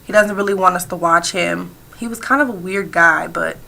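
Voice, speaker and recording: A woman voice interpreter speaking a personal story told in sign language, with halting, repetitive phrasing and frequent fillers. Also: lowish voice, gravelly, bright, forceful tone.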